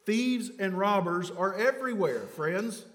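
A man preaching a sermon, swinging from loud emphatic phrases to hushed low words. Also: animated, a little slow. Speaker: pastor. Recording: long hall reverb.

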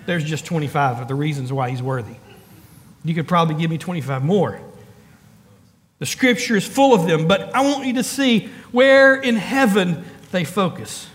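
High-pitched pastor man preaching hard, lists and callouts, big echoey church sound. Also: expressive, a bit bright. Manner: preaching with rising emphatic calls and quick asides. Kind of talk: sermon.

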